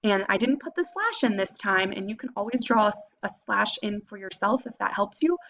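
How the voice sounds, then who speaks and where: A woman teacher giving a phonics lesson to young students, patiently sounding out syllables slowly and clearly. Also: mid-range voice, expressive, a bit bright, slight background noise.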